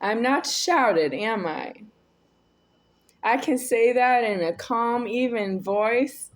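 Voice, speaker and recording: A woman talking alone to the camera in a rambling, repetitive monologue, swinging between a quiet voice and a raised one. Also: on the high side, expressive, slow pace. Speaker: video creator.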